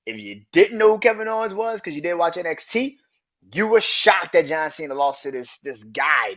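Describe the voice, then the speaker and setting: A young man hosting a wrestling podcast, ranting casually, swearing freely, getting excited, and laughing often. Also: fairly high pitch, fairly quick, muffled recording. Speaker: podcast host.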